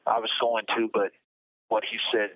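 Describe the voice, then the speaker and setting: A man interviewed as a guest over a phone line, talking in a halting way and often repeating words. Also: fairly low pitch, little pitch movement, a little hiss or hum.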